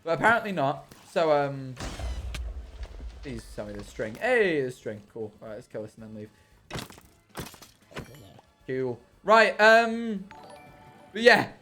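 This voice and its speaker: A man's voice: a little high, very animated, slow pace, pauses often, pushed and bright, faint music behind. A young British man chatting casually on a live stream while gaming, rambling and ranting with self-deprecating humour. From Britain. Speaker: livestreamer.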